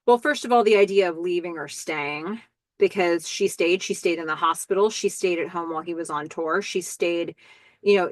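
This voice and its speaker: A woman's voice: fairly low pitch, dry recording. Woman podcaster recapping a show, chatty, quotes the characters in her own voice, dry close sound. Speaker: podcast host. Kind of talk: casual recap commentary.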